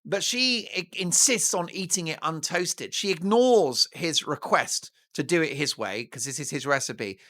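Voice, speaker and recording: A man's voice: fairly high pitch, expressive, a little slow, few pauses, pushed and bright. A man giving scornful, indignant commentary in a theatrical manner. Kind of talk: opinionated commentary.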